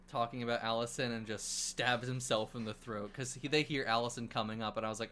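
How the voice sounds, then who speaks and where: On a casual movie review podcast, a male co-host recaps the plot animatedly, swearing and acting out quotes. He speaks at medium pitch and normal speed.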